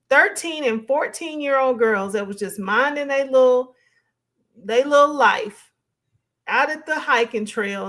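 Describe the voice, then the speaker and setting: A woman commentating on a live reaction stream, animated and questioning. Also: on the high side.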